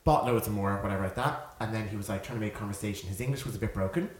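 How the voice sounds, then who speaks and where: A young man in his twenties, a podcast co-host, telling an animated story in casual chat, often laughing and acting out quotes. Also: on the low side, racing. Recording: echoey room with faint noise.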